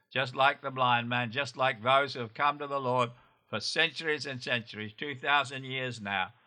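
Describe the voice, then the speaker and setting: A man pastor preaching a sermon in an earnest, exhorting way and leading a slow, repeated prayer. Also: mid-range voice, pushed and bright. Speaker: pastor, show host.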